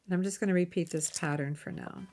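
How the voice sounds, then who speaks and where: A woman demonstrates a craft project in a relaxed, conversational way. She thinks aloud as she works and drops friendly tips for the viewer. Her voice sits a little low for a woman. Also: quick pace. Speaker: jewelry-making channel host. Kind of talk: casual how-to demonstration.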